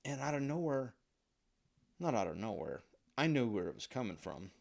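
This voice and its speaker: A man's voice: medium pitch, very animated, moderate pace, vocal fry. A man hosting a podcast, telling a comic personal story in a profane, self-mocking, rambling way. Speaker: podcast host.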